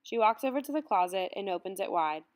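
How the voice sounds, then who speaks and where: A woman reading a first-person story aloud in a measured, earnest way. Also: medium pitch, animated, noisy background. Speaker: audiobook reader.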